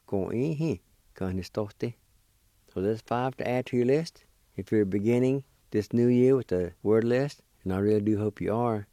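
A man teaching a language lesson, spelling and pronouncing words slowly and patiently, letter by letter. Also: fairly low pitch, vocal fry, mellow, dry recording. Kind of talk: slow spelling and pronunciation lesson.

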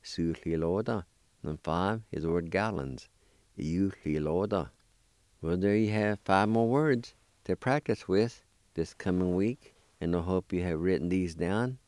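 Man, language lesson host, very deep voice, slow careful delivery, dry close sound. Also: a little mellow, no room sound. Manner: slow, careful spelling and repeating of words. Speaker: language teacher and program host.

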